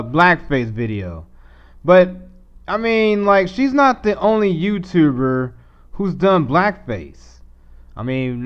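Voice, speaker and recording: On a live stream, a man with a slightly high, smooth voice reacts to a clip he's playing, commenting casually and rambling as he goes. He restarts often and slips into mocking put-on voices, and the audio sounds dull.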